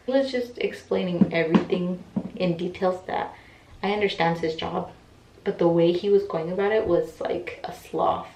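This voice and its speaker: A young woman telling a personal story in a casual, animated way, acting out what people said. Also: lowish voice, normal speed, dull audio. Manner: chatty, animated retelling with quoted voices. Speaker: vlogger. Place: room at home, in pajamas. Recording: echoey room, mic set back.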